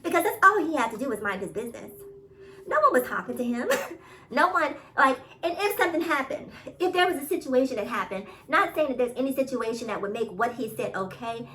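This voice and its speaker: A woman's voice: sits high, very animated, brisk, fairly bright tone, far from the mic, a little hiss or hum, low-quality recording. A woman with a New York accent giving casual opinion commentary, emphatic, repeating her points and laughing often. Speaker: commentary vlogger.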